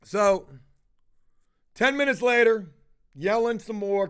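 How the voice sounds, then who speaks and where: A man's voice: sits high, expressive, moderate pace, a bit bright. A man telling a heated, profanity-heavy story in a casual monologue with lots of emphasis.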